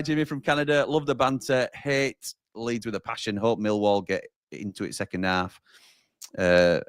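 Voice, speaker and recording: A man's voice: medium pitch, clear, resonant tone, no room sound, clean studio sound. A man hosting a live football watchalong, chatting and reading out viewer comments. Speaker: watchalong host.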